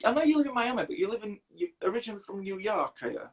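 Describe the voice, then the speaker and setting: A Yorkshire man hosts a casual interview, and his pitch swings widely as he jokes along. His voice has a slightly husky, breathy edge. He laughs often and sounds enthusiastic. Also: very animated, very fast. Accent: Yorkshire English. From Leeds, Yorkshire.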